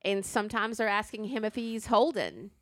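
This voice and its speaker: A woman's voice: medium pitch, expressive, moderate pace, fairly bright tone, no echo, clean studio sound. A woman hosting a podcast, telling rambling stories in casual chat and laughing often. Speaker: podcast host. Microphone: podcast mic.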